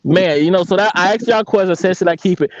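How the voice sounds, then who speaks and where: Excitable high-voiced man out fishing. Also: racing. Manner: exclaims loudly, swears, calls people bro and dude. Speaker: angler. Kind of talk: excited casual chat while fishing. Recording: dull lo-fi sound with steady noise.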